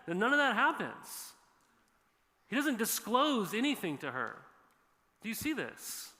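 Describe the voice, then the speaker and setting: A male pastor delivers a sermon in a bright, high-set voice. His preaching is earnest and conversational, and he leans on repetition for emphasis. The sound carries the long reverb of a church hall. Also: huge pitch swings, measured pace. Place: church sanctuary.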